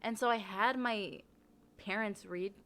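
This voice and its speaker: Bright-voiced young woman, animated storyteller. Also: mid-range voice, unhurried, clean tone. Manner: animated storyteller, laughs and swears. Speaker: podcast co-host. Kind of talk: casual chat.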